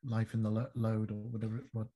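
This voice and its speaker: A man's voice: on the low side, completely flat delivery, fast, mellow, rough recording. A man co-hosting a podcast and answering horror trivia, talking casually and searching for words with ums and restarts. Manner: hesitant, with many ums and restarts. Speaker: podcast co-host and trivia player.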